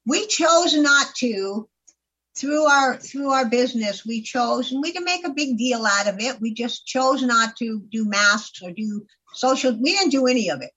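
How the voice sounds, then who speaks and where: A woman's voice: a little high, expressive, a little slow, a bit bright, husky, muffled recording. A woman herbalist from California chatting as a radio guest, telling stories emphatically with many restarts. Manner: storytelling, emphatic, with repeated starts. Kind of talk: casual radio chat.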